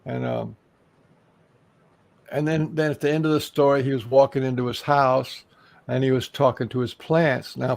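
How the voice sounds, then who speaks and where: A man's voice: mid-range voice, gravelly, dry recording, low-quality recording. A man from Texas, a guest on an interview show, telling a long story in a casual, rambling way with many restarts. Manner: rambling, with frequent restarts and fillers.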